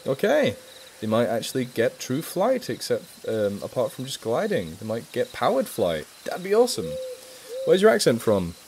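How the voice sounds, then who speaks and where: A man's voice: medium pitch, huge pitch swings, moderate pace, a little mellow, a little hiss or hum. A man from England with a mixed northern English accent, hosting a casual charity live stream Q&A, chatting eagerly and swearing casually.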